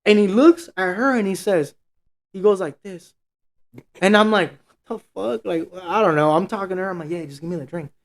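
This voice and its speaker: A man's voice: high-pitched, moderate pace, vocal fry. A man co-hosting a podcast, telling a story in casual, profane slang and acting out what everyone said. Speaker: podcast co-host.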